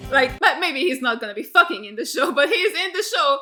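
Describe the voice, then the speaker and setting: Woman host, reaction channel, bright high voice, unfiltered and excitable. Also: a little fast, few pauses, soft background music. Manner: excitable, blunt, heavy swearing; gasps and laughs in surprise. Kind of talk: casual TV reaction commentary.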